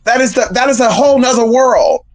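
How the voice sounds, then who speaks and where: A woman's voice: fairly high pitch, a little fast, darkish tone, soft background music, poor audio. A woman hosting a casual livestream, talking bluntly with profanity and emphatic repetition. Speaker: livestream host.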